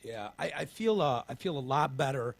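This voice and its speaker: Here a man speaks at a moderate pace in a creaky, mid-range voice with an animated tone. As host of a casual podcast, he spins long, meandering tales full of swearing and restarts, short of breath while getting over pneumonia.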